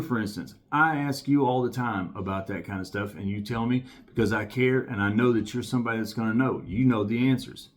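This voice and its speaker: Emphatic, low-voiced man reviewing a knife. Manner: emphatic, enthusiastic, repeats himself. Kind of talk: casual product review to camera.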